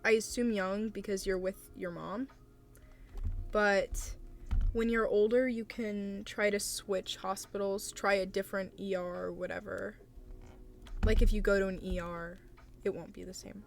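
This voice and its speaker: A young woman streaming live, talking casually and gently to her chat, hesitant and supportive with many fillers. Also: mid-range voice, steady tone, unhurried, vocal fry, faint music behind. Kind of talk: casual live-stream chat, reading and answering viewer messages.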